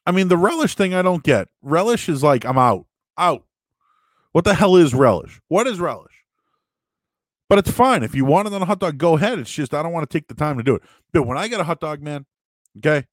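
A man's voice: a little high, brisk, no room sound. A man hosting a live stream, answering chat questions in a casual, rambling and joking way with frequent restarts. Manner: animated, joking, restarts a lot.

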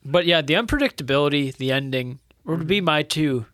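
Male co-host, bright voice, rambling comic reviewer, dry sound. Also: on the high side, dry recording. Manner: rambling, jokey, acts out lines in quick voices. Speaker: podcast co-host. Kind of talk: casual movie review chat. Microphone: webcam setup.

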